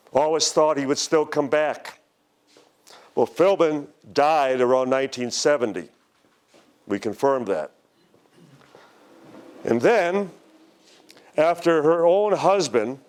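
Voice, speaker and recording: An older man giving a conference talk, telling a story slowly and dramatically, quoting the people in it. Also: mid-range voice, clean tone. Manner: slow, dramatic storytelling with quoted voices. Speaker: speaker at a UFO conference. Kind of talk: storytelling lecture. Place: lecture hall.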